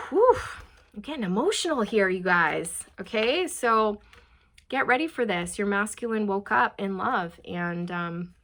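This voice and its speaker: A woman gives a heartfelt tarot reading straight to her viewers. She talks in an emotional, gushing way, keeps checking in with them, and slows down to read quotes out softly. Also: mid-range voice, expressive. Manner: emotional, gushing, frequent "okay?" and "you guys"; reads quotes slowly and softly. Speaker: tarot reader.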